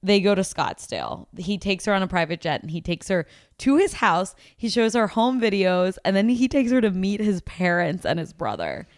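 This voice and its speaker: Woman co-host, chatty and giggly, lively pitch, dry close sound. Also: moderate pace, dry recording. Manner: giggly, chatty, lots of "like" fillers. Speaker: podcast co-host. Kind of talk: casual chat recapping a reality dating show.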